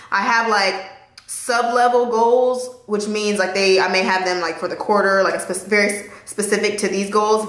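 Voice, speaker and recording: A woman's voice: mid-range voice, fairly bright tone. Young woman vlogger, candid and emotional, mid-range voice, echoey room. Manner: candid, emotional, chatty with laughs. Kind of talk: casual talk to camera.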